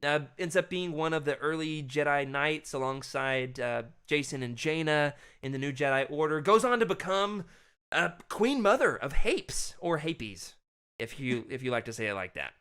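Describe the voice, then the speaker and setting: Male co-host, high-ish, forceful tone, upbeat fan-chat energy. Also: lively intonation, moderate pace, clear, resonant tone. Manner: enthusiastic, reads live chat comments. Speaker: podcast co-host. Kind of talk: casual podcast chat.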